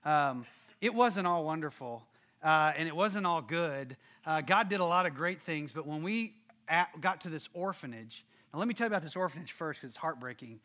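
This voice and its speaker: Preacher, animated storyteller who acts out the scenes, high bright tone. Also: male voice, moderate pace. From Texas. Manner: animated, acts out quotes and sound effects. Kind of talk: storytelling sermon.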